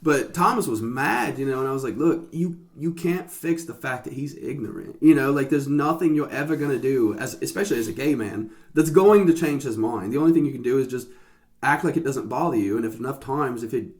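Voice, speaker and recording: A man in easy, casual conversation who spins loose, rambling anecdotes and swears freely. His voice sits at an ordinary middle pitch. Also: animated, fast talker. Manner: profane, rambling storyteller. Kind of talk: casual chat.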